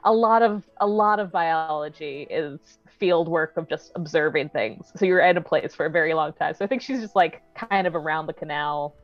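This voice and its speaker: A woman's voice: low-pitched, normal speed, hardly any pauses, no echo, faint music behind. A woman casually describing her character for a tabletop game, easygoing and thoughtful. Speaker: game player. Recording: dull, dry lo-fi mic.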